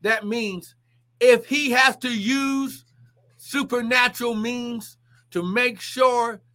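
A man's voice: very high-pitched, fairly even intonation, slow pace, sharp tone. A man preaching a livestreamed sermon with fervent exclamations and repeated phrases.

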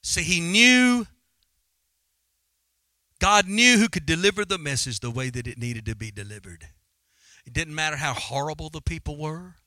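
A man's voice: a little high, bright, forceful tone, dry recording. A man preaching a sermon in a fervent, dramatic style. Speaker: pastor.

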